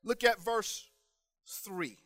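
A man preaching a sermon in a rhythmic style, building to loud, shouted emphasis and then dropping to quiet, drawn-out phrases. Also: sits high, no room sound.

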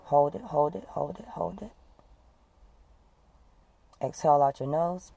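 Woman calmly guiding a breathing exercise. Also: sits low, vocal fry, muffled recording, slight background noise. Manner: calm, instructive, repeats cues slowly. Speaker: wellness coach.

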